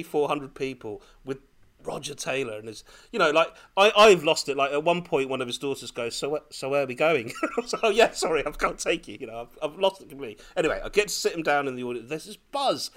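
Man telling a story, excited. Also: fairly high pitch, fairly quick. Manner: animated, laughing, breathless when excited. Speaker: podcast co-host. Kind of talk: casual storytelling chat.

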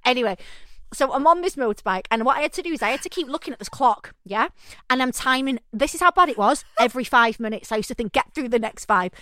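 A woman, telling animated, swear-filled stories as a podcast co-host. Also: on the high side, quick pace, no echo, clean studio sound. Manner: animated, swears freely, acts out quoted voices. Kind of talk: casual storytelling chat.

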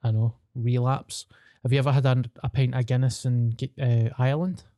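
Deadpan glasgow guy on a podcast, swears a lot, mellow voice, dry close sound. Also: medium pitch, brisk, no room sound. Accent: Glaswegian. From Scotland. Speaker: podcast co-host. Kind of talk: casual chat.

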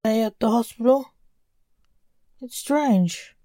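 A woman voicing a breezy, offhand male hospital orderly on the phone, in a mellow voice. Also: on the high side, slow pace, dry recording, voice pushed up.

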